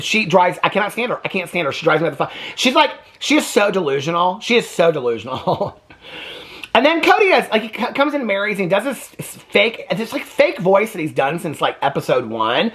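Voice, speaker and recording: A man's voice: high voice, very animated, fairly quick, fairly bright tone, husky. A man giving a casual, gossipy recap of a reality TV episode, exasperated and often mimicking the people he discusses. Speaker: TV recap commentator.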